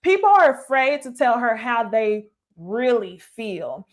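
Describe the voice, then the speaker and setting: A young woman talks through a reality dating show as if chatting with friends. She sits a touch above the usual pitch, laughs easily and is blunt and profane. She keeps tossing "okay?" and "y'all" at her viewers. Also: very animated, unhurried. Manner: addresses viewers directly as "y'all". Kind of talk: casual reaction commentary.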